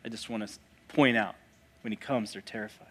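A male pastor preaching a sermon, moving between hushed asides and loud, emphatic declarations and putting rhetorical questions to the congregation. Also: fairly low pitch, steady tone, a little fast, slightly rough.

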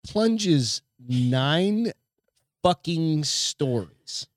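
A man's voice: fairly high pitch, expressive, extremely slow, no room sound, studio quality. A man co-hosting a casual podcast, joking loosely with heavy swearing and reading news stories aloud. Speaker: podcast co-host.

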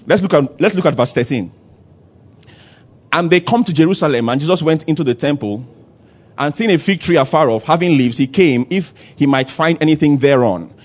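A man preaching a sermon at a church service, acting out little dialogues and swinging between loud and soft. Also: a little high, animated, fairly quick, highs cut off. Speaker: pastor.

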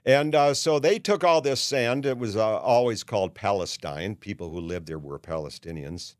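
A man's voice: on the low side, moderate pace, no echo, studio quality. A man in his seventies hosting a podcast, ranting bluntly in a monologue with many "uh"s and restarts. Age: 70s. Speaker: podcast host. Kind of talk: opinionated monologue.

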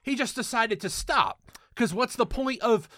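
A man co-hosting a casual podcast chat, animated and swearing as he argues his points. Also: very high-pitched, normal speed, dry recording. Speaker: podcast co-host.

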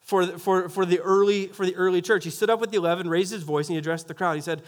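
High-voiced joking pastor preaching. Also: male voice, fast talker. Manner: jokey, animated, often restarts and laughs at his own asides. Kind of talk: sermon.

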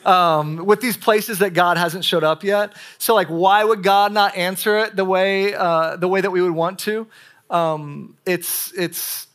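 A young adult man preaching a sermon to a room of young adults, in a lively, conversational style full of "like"s and questions to the audience. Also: sits high, measured pace. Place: church meeting room with a live audience.

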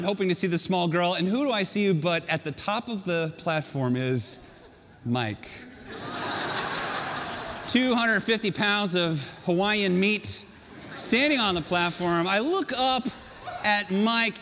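A male pastor preaching a sermon, telling a story in an animated, self-mocking way. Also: high voice, measured pace, slight background noise. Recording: long hall reverb.

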